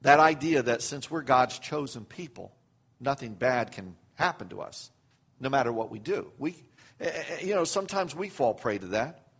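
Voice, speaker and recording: A man's voice: medium pitch, expressive, moderate pace, fairly bright tone, breathy edge. An older man preaching a sermon as pastor, acting out quoted prayers with rising emphasis.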